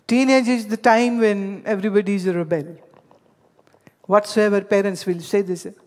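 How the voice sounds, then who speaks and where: A woman's voice: medium pitch, steady tone, normal speed, a little mellow, in a large hall. A woman from India giving a spiritual discourse, telling stories and addressing her listeners directly. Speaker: spiritual teacher.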